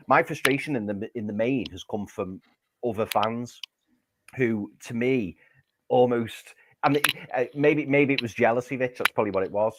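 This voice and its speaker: A man's voice: mid-range voice, normal speed, background noise. A man hosting a football fan podcast, chatting with frequent restarts. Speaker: podcast host.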